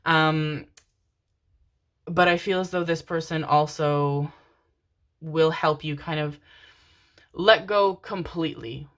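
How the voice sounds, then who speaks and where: Low-voiced woman giving a tender tarot reading. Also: fairly even intonation, takes it slowly, long pauses. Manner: gentle, affectionate, calls listeners darlings and babies; casual, drifts into swearing. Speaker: tarot card reader. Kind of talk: channeled pick-a-card tarot reading.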